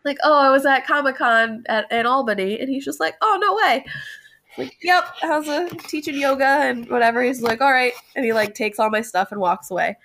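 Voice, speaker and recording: A woman guest, a cosplayer from Connecticut, telling a story in an animated way and laughing often. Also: high voice, brisk, few pauses. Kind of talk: casual podcast chat.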